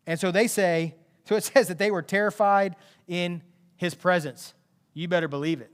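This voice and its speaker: A man preaching a sermon as pastor, retelling a story with animated emphasis and conversational asides. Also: sits high, moderate pace, clear, resonant tone.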